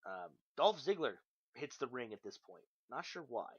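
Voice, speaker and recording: A man's voice: medium pitch, big pitch swings, normal speed, slightly rough. A young man casually recapping wrestling shows, loose and profane with lots of ums and uhs. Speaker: podcast host. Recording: dull lo-fi podcast mic.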